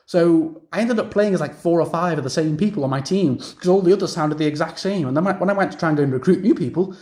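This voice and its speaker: Rambling young man, high voice. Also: quick pace, a little mellow. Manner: rambling, repeats himself, lots of fillers. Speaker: game reviewer. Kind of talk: casual video review rant.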